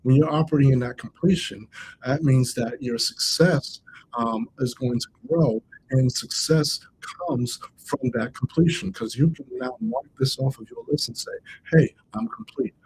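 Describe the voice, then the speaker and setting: A man's voice: mid-range voice, moderate pace, a little mellow, a little hiss or hum, low-quality recording. Conversational man coaching on a livestream. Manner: conversational, repeats and restates points for emphasis; addresses live chat viewers directly. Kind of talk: livestream motivational talk.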